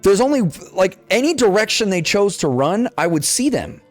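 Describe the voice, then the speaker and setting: A young man recounting a story in a loose, animated way, swearing a lot and playing every part of the dialogue himself. His voice sits a little high for a man, and there's faint music underneath. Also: moderate pace. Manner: swears freely, animated retelling with quoted dialogue. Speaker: podcast co-host. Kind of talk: casual storytelling chat.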